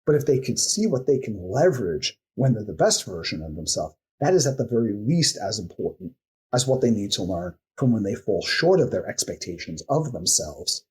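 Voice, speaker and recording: A man's voice: lowish voice, big pitch swings, darkish tone, slightly rough. A man who is a coaching expert, explaining his method in a podcast interview and reeling off strings of coaching questions. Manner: acts out client replies in quick asides.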